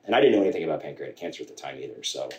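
A man guest telling a personal story in a halting way, with many restarts and quoted dialogue. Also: rumbling low, sing-song, darkish tone. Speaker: podcast guest. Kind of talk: candid storytelling conversation. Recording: echoey room, voice from a distance.

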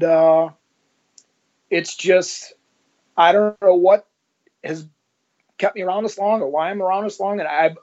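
A man's voice: on the high side, lo-fi sound. A man, a former police officer, being interviewed and telling his story in a conversational way, acting out the dialogue. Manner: animated, acts out dialogue in his stories.

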